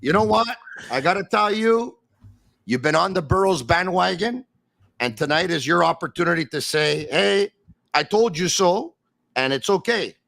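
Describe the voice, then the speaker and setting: A man's voice: sits high, expressive, moderate pace, creaky, a bit bright, dry recording. A middle-aged man hosting a sports podcast, joking and emphatic while reading ads. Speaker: podcast host. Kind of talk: casual sports talk with read ads.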